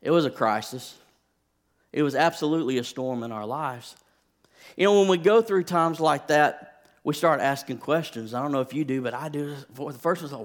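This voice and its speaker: A man in his thirties, a pastor, telling a personal story in a sermon, shifting from hushed, quiet stretches to rising, impassioned preaching. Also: fairly high pitch, moderate pace.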